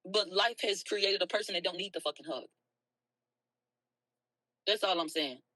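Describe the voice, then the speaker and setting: A woman hosting a livestream, talking bluntly and with a lot of profanity, soft and tearful at times and then loud again. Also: mid-range voice, moderate pace, dry recording, rough recording. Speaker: livestream host. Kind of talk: emotional early-morning livestream rant.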